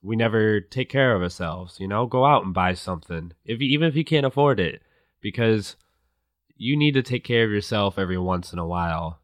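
A man hosting a casual chat, talking in a measured, thoughtful way. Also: fairly low pitch, lively intonation, no room sound, clean studio sound. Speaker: podcast host.

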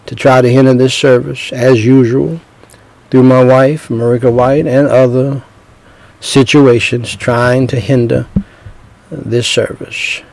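A man's voice: gravelly, a little mellow, dry recording, poor audio. A man preaching a sermon, emotional and repeating himself, his voice rising as he gets stirred. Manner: emotional, tearful at times, repeats words, rises in pitch when stirred.

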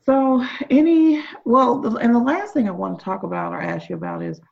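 A woman hosting a podcast interview, giving short agreeing replies and asking questions slowly. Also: fairly high pitch, wildly swooping pitch, gravelly, dull audio. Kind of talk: casual interview.

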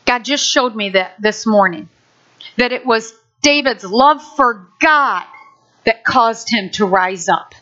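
A woman preaching a sermon, animated, acting out a story for her listeners, on a dull lo-fi recording. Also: fairly high pitch, takes it slowly.

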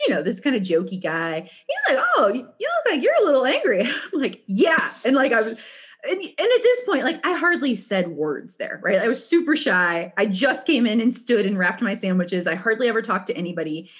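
A woman telling a story in casual chat, animated and laughing often, with frequent restarts. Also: on the high side, moderate pace.

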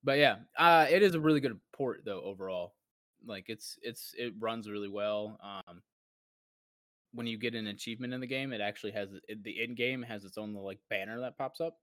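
A man's voice: lowish voice, brisk, a bit bright, no room sound. A man co-hosting a casual gaming podcast, rambling and acting out his own past reactions as he tells a story. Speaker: podcast co-host.

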